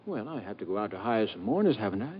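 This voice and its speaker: A flustered, breathy young secretary. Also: male voice, on the low side, big pitch swings. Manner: hurried, stammering. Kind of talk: 1950s radio drama acting. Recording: dull lo-fi old radio recording.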